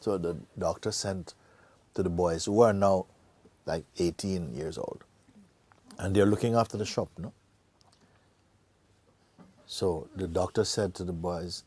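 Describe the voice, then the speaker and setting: Man spiritual teacher telling a story, slow and playful, acts out the characters, husky voice. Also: deep voice, steady tone, a little mellow. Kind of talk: storytelling talk to a gathering.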